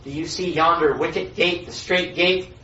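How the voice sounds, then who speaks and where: A man voicing a solemn male counselor who gives slow, grave instructions. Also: fairly high pitch, steady tone, sharp tone. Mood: questioning. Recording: echoey room, voice far from mic, dull lo-fi.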